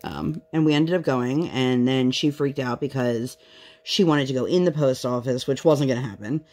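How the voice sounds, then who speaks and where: A woman's voice: extremely low pitch, moderate pace, darkish tone, faint music behind. A woman in her thirties chatting casually at home while she works on a craft project, telling candid stories and now and then putting on voices when she quotes people. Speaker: craft vlogger.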